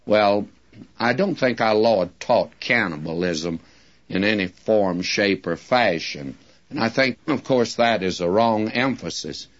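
A man teaching from the Bible in a sermon, deliberately drawing out key words and speaking directly to his listeners. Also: fairly low pitch, lively intonation. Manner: addresses listeners directly, folksy asides. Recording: dull lo-fi recording.

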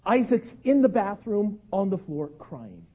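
A man in his thirties preaching a sermon, telling a family story with animated delivery and acted-out shouts. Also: high voice, a little slow, breathy edge. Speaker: pastor.

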